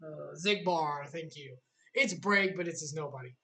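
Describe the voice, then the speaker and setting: A woman's voice: deep voice, moderate pace, bright, forceful tone, rough recording. A young woman casually recapping a video game story on a livestream, with sarcastic, joking asides.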